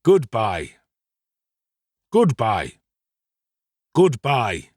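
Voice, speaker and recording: A man voicing a kindly but flustered old gentleman who covers his feelings with gruff fussing. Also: medium pitch, big pitch swings, a little slow, no echo, clean studio sound, pitched above the performer's own voice. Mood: brusque.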